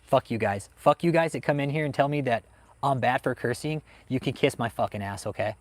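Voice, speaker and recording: A man's voice: medium pitch, brisk, no echo. A man hosting a livestream, ranting heatedly and swearing constantly as he answers chat. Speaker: host of a livestream on cults. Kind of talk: profane livestream rant, reading chat.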